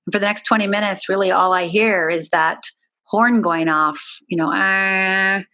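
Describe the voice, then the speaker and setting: A woman's voice: lowish voice, steady tone, moderate pace, a bit bright. A middle-aged woman speaks as an interview guest, telling her own story. She is candid and earnest, and she leans on "you know" as she talks.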